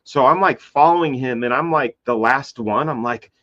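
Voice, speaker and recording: A man, a comic book artist, telling a rambling story in casual conversation, jumping into high voices to act out quotes. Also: moderate pace. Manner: animated, acts out quoted voices with big pitch jumps; loose and rambling with many fillers and restarts. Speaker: guest. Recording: slightly dull lo-fi sound.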